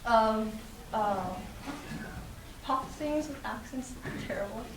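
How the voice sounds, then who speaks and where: Teen girl, halting school play lines, distant echo. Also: on the high side, background noise. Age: teens. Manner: halting, with fillers and restarts. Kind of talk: student stage performance. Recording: echoey room, distant mic.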